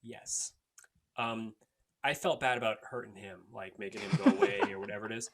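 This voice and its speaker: A man in his late twenties co-hosting a casual podcast, talking in a laid-back way with frequent swearing and halting restarts. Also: mid-range voice, big pitch swings, gravelly, fairly bright tone. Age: late 20s. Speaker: podcast co-host. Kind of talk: casual chat.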